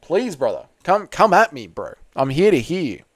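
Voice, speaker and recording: A man's voice: on the high side, big pitch swings, moderate pace, dry recording. Joking man reading live chat. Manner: loose, joking, banters with viewers. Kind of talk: casual live-stream chat.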